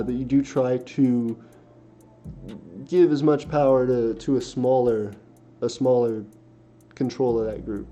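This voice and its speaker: Through dull, lo-fi stream audio with a faint hiss, a young man with a dark, mid-range voice hosts a casual livestream. He reads viewer comments aloud, rambling and self-correcting with many fillers.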